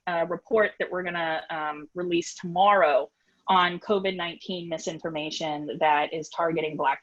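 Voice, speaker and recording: A woman's voice: fairly low pitch, a bit bright. Woman with a Boston accent, muffled call audio. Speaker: media researcher panelist. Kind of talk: academic panel discussion.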